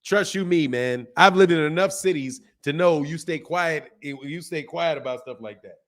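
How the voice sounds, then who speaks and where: A man's voice: on the high side, moderate pace, fairly bright tone. A middle-aged man hosting a casual live stream, talking loosely in slang and reading viewer questions aloud. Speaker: host of a boxing channel live stream.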